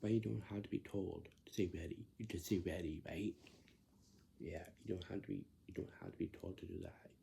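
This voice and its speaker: A man's voice: low-pitched, fairly even intonation, gravelly, mellow, slight background noise. A man in a casual spoken explanation who repeats himself, halts often and slips into whispers now and then. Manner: repetitive, halting, drifts into whispers.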